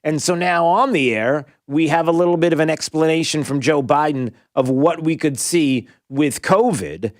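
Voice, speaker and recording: A man hosting a talk radio show, giving an emphatic opinion monologue that rises to near-yelling when he gets riled. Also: fairly high pitch, normal speed, hardly any pauses, no room sound, studio quality.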